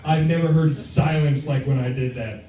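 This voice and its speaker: A man's voice: a little high, normal speed, distant mic, crowd noise. A young man performing a stand-up set, offhand and self-deprecating, with lots of swearing. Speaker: stand-up comic. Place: comedy club. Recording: roomy club sound from afar, room noise.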